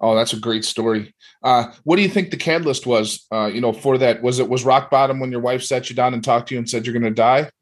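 A man's voice: medium pitch, fast. Male interviewer, mid-range voice, supportive follow-ups. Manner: encouraging, asks follow-up questions. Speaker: interview host. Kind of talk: interview questions.

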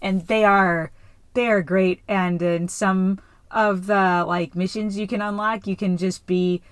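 A woman in casual podcast chat, easygoing and quick to laugh, with lots of filler words. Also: mid-range voice, fairly even intonation, clean tone, no echo. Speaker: podcast co-host. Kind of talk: casual chat recapping a TV episode.

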